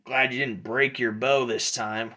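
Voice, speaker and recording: A tall, strong crossbowman with a rough, plain-spoken manner swears as he talks, as a man puts him on. His voice sits at an ordinary middle pitch. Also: fairly even intonation, unhurried, sharp tone. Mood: gruff. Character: tall strong male crossbow-carrying guard, gruff and blunt.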